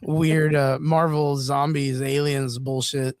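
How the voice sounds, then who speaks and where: A man's voice: medium pitch, little pitch movement, takes it slowly, no echo. A man co-hosting a casual streamed chat show, joking loosely and swearing, with lots of "dude" and "bro". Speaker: podcast co-host. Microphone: streaming mic.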